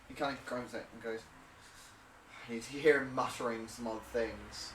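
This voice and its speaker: A man's voice: mid-range voice, steady tone, moderate pace, fairly bright tone, slight background noise. A man narrating a tabletop game as game master, rambling with many fillers and hesitations. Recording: roomy and distant.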